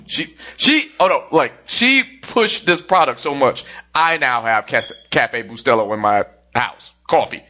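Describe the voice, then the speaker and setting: A man's voice: high-pitched, sing-song, slow, pushed and bright, lo-fi sound. A man co-hosting a podcast, telling a jokey story in casual chat, swearing now and then. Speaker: podcast co-host.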